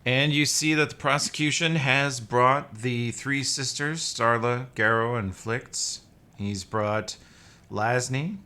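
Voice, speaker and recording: A man narrating as game master of a tabletop game, wry and deadpan. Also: medium pitch, slow pace, smooth.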